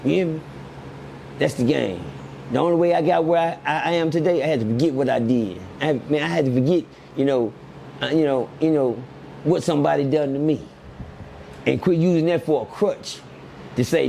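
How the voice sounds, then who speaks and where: A middle-aged man, telling stories in an animated, preachy way and repeating lines for emphasis. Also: a little high, a little fast, creaky, a little hiss or hum. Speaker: podcast guest. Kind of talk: casual storytelling chat.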